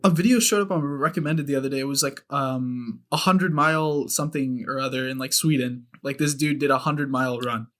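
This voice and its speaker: A young man co-hosting a podcast, joking around and swearing in animated casual chat. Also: mid-range voice, brisk, few pauses. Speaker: podcast co-host.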